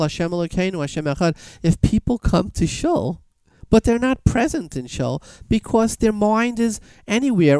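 A man preaching a sermon and telling a fable, animated, with sweeping emphatic rises in his voice. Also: high voice, no echo. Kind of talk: sermon with storytelling.

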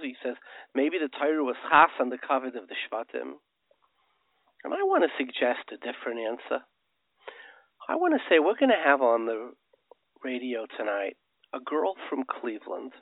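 A man's voice: fairly high pitch, dry recording. A man hosting a radio show, speaking in an impassioned, preacherly monologue that swells into emphatic outbursts. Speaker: radio host. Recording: narrow phone-like radio sound.

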